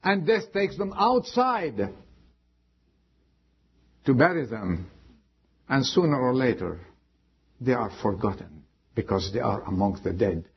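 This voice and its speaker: A husky-voiced man preaches slowly, drawing out phrases with long dramatic pauses. His pitch swings widely, rising high and dropping low for emphasis. The sound is dull and lo-fi. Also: big pitch swings. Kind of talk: sermon.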